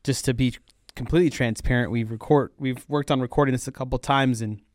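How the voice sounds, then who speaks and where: A man from Arizona, co-hosting a casual chat and telling stories in an animated way. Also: mid-range voice, fairly quick, no echo, studio quality. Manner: chatty, animated storyteller. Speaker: podcast co-host.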